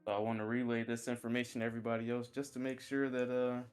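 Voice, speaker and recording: A man's voice: mid-range voice, little pitch movement, fast, clear, resonant tone, faint music behind. A man as a player in a tabletop game, talking hesitantly with many fillers.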